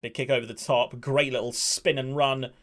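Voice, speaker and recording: A man in his twenties, rambling and excitable while commentating a football management game he is streaming, swearing now and then. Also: mid-range voice, normal speed. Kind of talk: casual gaming commentary.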